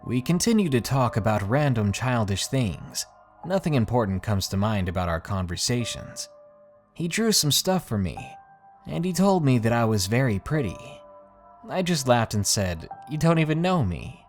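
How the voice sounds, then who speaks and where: A man's voice: medium pitch, very animated, normal speed, soft background music. Man narrating a creepy tale. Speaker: horror story narrator. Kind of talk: scripted narration of a creepy true story.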